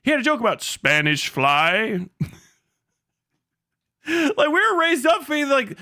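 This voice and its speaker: High, bright-voiced young man ranting. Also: unhurried. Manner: profane, excitable, laughs often, slips into mock voices. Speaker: livestream host. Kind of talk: casual livestream rant.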